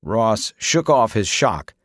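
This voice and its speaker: A man reading an audiobook with dramatic, expressive narration. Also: on the low side, slow, dry recording, clean studio sound. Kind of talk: scripted narration.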